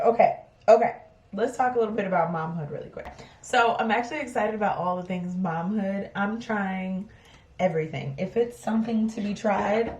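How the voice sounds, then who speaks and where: A woman's voice: mid-range voice, a little hiss or hum. A woman in her thirties chatting casually to camera in a vlog, rambling with lots of fillers. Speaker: vlogger. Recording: roomy sound from far off.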